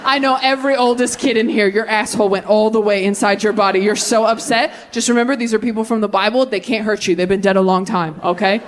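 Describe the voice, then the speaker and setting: A woman in her thirties performing a stand-up comedy set, animated and jumping into high, exaggerated voices for the people she quotes. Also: fast talker, hardly any pauses.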